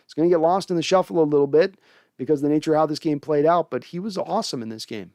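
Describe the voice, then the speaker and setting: A man's voice: a little high, racing, mellow, dry recording, clean studio sound. A young man hosting a casual sports fan show, reading viewer comments and giving opinionated takes with frequent restarts.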